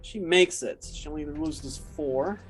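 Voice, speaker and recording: A man running a tabletop horror game as game master, talking casually with many pauses and fillers. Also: fairly high pitch, low-quality recording. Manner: casual, halting, lots of fillers.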